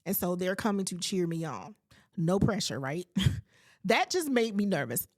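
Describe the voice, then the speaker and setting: Speaking at a moderate pace in a fairly low, very animated voice, a woman in her late forties hosts a podcast. She recounts something from her own life, weaving in faith-based comments and dramatizing how she reacted.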